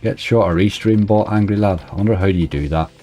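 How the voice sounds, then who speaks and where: Speaking fairly quickly in a lowish, dark-toned voice, a slots livestreamer hosts a relaxed live-stream chat, reading out messages from viewers into his desk mic. Faint music plays behind him.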